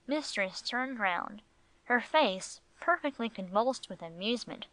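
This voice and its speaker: A woman's voice: fairly high pitch, lively intonation, a little slow, fairly bright tone, no room sound, low-quality recording. Woman narrating an audiobook, dry sound. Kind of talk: scripted narration.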